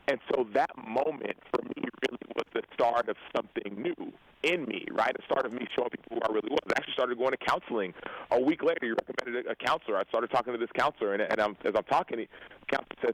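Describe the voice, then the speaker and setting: A man's voice: medium pitch, fast talker, rough recording. A man in his thirties, a guest on a show, candidly telling personal stories, earnest and reflective, acting out remembered dialogue and often checking in with "right?". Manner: earnest, reflective, retells scenes with quoted dialogue, tags lines with "right?". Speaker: guest, pro football player and author. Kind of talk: candid interview storytelling.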